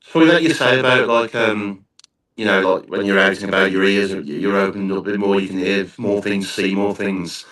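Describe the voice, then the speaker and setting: A man's voice: deep voice, a little fast, fairly bright tone, roomy sound, distant mic. A man with a Black Country accent hosting a podcast, chatting casually and thinking aloud in rambling, restarting sentences. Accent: Black Country English. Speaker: podcast host. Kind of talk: casual interview chat.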